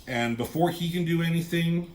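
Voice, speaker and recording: A man's voice: a little high, moderate pace. Man rambling casually through a comic review. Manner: loose, rambling, swears casually.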